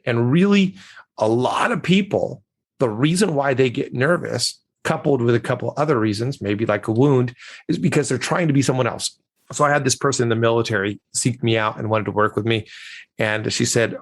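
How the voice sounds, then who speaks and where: A man with a gravelly, fry-touched voice at a middle pitch talks as a communication coach on a podcast. He tells stories and acts out the people in them, his voice jumping up in pitch for the quoted lines. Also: brisk. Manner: storytelling, acts out quoted dialogue with lively jumps in pitch. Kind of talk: conversational interview answers.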